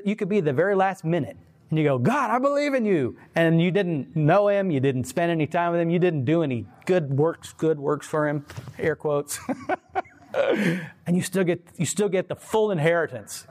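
A man giving a casual, rambling faith talk, animated, laughing often and putting on voices for quoted people. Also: on the high side, normal speed. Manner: rambling, many fillers and restarts. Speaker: Christian speaker.

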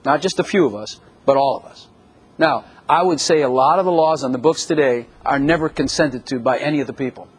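An older man preaching a sermon, animated and storytelling, acting out scenes. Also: medium pitch, brisk, husky.

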